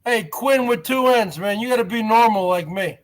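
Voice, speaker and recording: A forties-aged vlogger host goes on a rambling, scornful tirade from his house, his voice high and his pace brisk. He keeps repeating himself and stretches out "man" to finish his lines.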